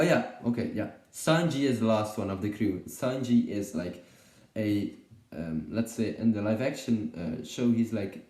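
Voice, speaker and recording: A man's voice: medium pitch, dark tone, reverberant. A man giving a casual unscripted video review, rambling and hesitant, with many fillers and restarts. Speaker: YouTube reviewer.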